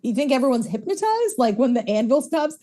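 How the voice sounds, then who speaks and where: A woman cohosting a podcast, chatting in a lively way and laughing often. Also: sits high, brisk. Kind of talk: casual chat.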